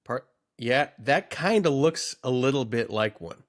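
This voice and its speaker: A man's voice: medium pitch, measured pace. A man joking his way through a casual comedy podcast, riffing on absurd bits and jumping from idea to idea. His voice sits in an ordinary middle range, and his talk is loose and playful. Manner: joking, animated riffing with bursts of laughter. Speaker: podcast co-host.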